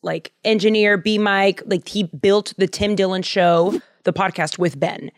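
A woman's voice: mid-range voice, fairly even intonation, a little slow, dry recording. Young woman podcast host, jokey and giggly, dry close mic; casual chat.

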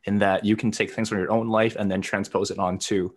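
A man's voice: fairly low pitch, little pitch movement, brisk. A man interviewing an actor, asking questions casually with some hesitation.

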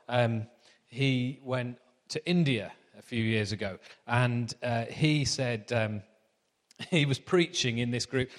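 Preacher in a ringing hall. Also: male voice, medium pitch. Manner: chatty, anecdotal storyteller. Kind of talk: sermon.

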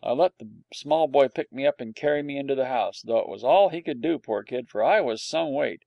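A man with a gravelly voice reading a storybook aloud in a dry, wry first-person telling. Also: mid-range voice, fairly quick, no room sound, highs cut off. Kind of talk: storybook narration.

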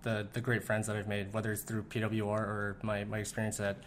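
A young man talking candidly as an interview guest, relaxed, with many fillers. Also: fairly low pitch, a little fast, slight background noise. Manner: laid-back, lots of fillers, frequent "like". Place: room in the Philippines.

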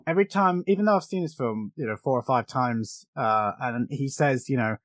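A man from England in a casual film podcast, enthusiastic and quick to laugh. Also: mid-range voice, a bit bright, dry recording, clean studio sound. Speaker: podcast co-host.

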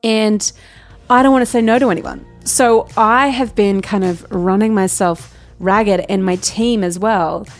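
A woman's voice: medium pitch, steady tone, faint music behind. Chatty woman hosting a business podcast. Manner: chatty and candid, with quick asides and self-corrections. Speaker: podcast host. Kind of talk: casual solo podcast talk.

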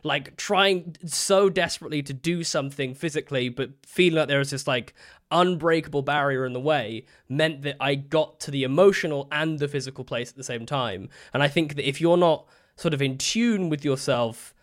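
A man's voice: on the high side, normal speed. A man co-hosting a podcast in casual chat, rambling with many fillers and easy laughter. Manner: chatty, lots of fillers, laughs easily. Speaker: podcast co-host.

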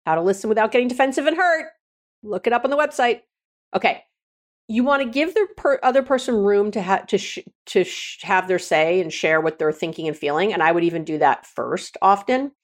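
A woman's voice: mid-range voice, animated, brisk. A middle-aged woman hosting a podcast, giving frank, casual relationship advice with many restarts and repeated words. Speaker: podcast host and counselor.

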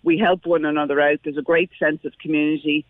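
A woman's voice: low voice, flat delivery, fast talker, dry recording. A woman calling in to a radio show, earnest and enthusiastic. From Ireland, Dublin. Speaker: radio caller. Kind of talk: phone-in chat. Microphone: phone. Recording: tinny phone line.

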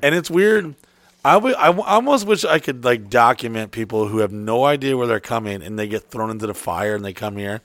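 A man co-hosting a casual podcast chat, a laid-back, profane storyteller who often drops to a low mutter. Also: lively intonation, fairly quick, a bit bright, no room sound. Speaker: podcast co-host.

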